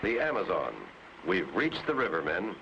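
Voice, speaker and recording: Clutch Cargo, steady low hero. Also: male voice, moderate pace, muffled recording. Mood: resolute. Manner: calm, decisive commands. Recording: noisy old cartoon soundtrack.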